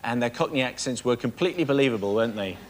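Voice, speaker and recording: A man's voice: mid-range voice, lively intonation, rapid-fire. An English man hosting a TV game show, questioning guests in a playful, mock-stern way. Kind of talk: teasing studio presenting. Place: TV studio with live audience. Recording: loud studio crowd and noise.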